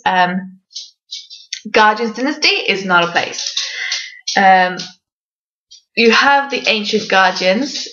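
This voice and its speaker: A woman from Wales with a fairly neutral English accent answers reader questions in a casual home vlog. She talks slowly and hesitantly, full of ums and little self-mocking laughs. The recording sounds dull and lo-fi. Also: mid-range voice, a bit bright.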